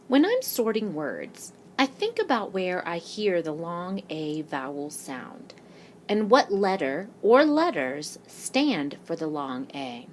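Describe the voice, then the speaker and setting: A woman teacher whose voice sits on the low side and swings widely in pitch gives a slow, patient recorded spelling lesson, asking and answering her own questions. A little hiss or hum comes through her screen-recording mic.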